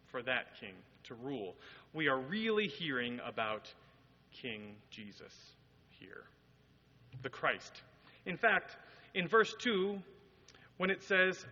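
Earnest male preacher with a bright, expressive voice, a little husky, recorded dully in an echoing church. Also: fairly high pitch. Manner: earnest, explanatory, quotes scripture with rising emphasis. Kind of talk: sermon. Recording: dull audio with long hall reverb.

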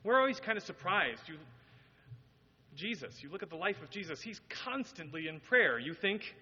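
Earnest male preacher with a bright, expressive voice, a little husky, recorded dully in an echoing church. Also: high voice, normal speed. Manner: earnest, explanatory, quotes scripture with rising emphasis. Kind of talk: sermon. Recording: dull audio with long hall reverb.

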